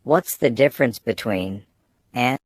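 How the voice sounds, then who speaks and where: A man's voice: medium pitch, animated, unhurried, no room sound. Man reading student phrases, dry and close. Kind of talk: scripted phrase reading for learners.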